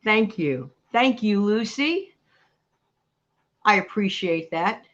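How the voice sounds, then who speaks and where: A middle-aged New York City woman with a New York accent hosts a casual livestream, chatting and motivating her viewers. Her mid-range voice is expressive and slow, and the recording sounds muffled.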